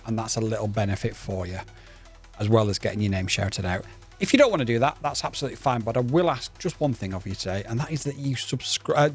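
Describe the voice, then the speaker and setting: A man talks through a drone review in an eager, meandering way. He stumbles and restarts often and speaks at a middling pitch. Soft music plays quietly behind him. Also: husky. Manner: rambling and enthusiastic, with restarts and stutters. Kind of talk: casual video review.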